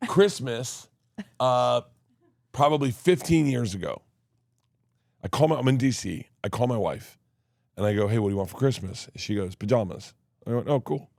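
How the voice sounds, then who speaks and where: A man tells outrageous personal stories with comic timing. He jumps into loud, laughing impressions of the people in each story. The recording is dry and close. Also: medium pitch, moderate pace, vocal fry, long pauses, no echo. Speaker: guest storyteller.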